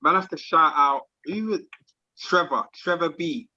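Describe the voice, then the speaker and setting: A man in casual chat, chiming in quickly to hype up a funny anecdote. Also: a little high, bright, forceful tone, no room sound, highs cut off. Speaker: podcast co-host.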